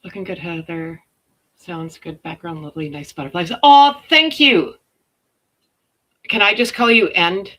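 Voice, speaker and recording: A middle-aged woman from Canada hosting a casual livestream, loud and chatty with a slight stutter, reading out viewers' comments. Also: lowish voice, a little slow, pauses often. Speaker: livestream host.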